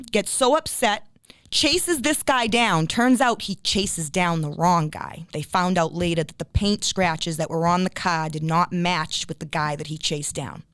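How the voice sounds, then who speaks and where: A woman with a New England accent hosting a podcast, blunt and profane, breaking into shouts when she gets worked up. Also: on the high side, clean tone, dry recording, studio quality. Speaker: podcast host. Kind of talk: casual podcast chat.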